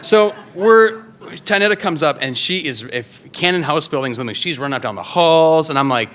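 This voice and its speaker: A man's voice: on the high side, expressive, moderate pace, few pauses, fairly bright tone. A man in his thirties from Wisconsin telling a true story at a live story slam, casual and loose, with lots of fillers and restarts. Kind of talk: live first-person storytelling. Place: live stage before an audience.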